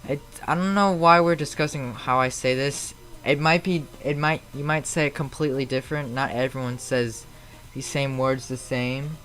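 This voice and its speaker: A man's voice: medium pitch, steady tone, normal speed, a bit bright, faint music behind. Man chatting casually on a live stream. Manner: rambling, answers chat messages aloud. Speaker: flight sim live streamer. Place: at home.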